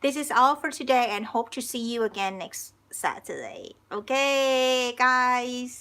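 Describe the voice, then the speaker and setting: A Thai woman with a Thai accent teaching her language on a live stream, chatty and quick to laugh as she answers viewers' comments. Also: high voice, bright, forceful tone, smooth.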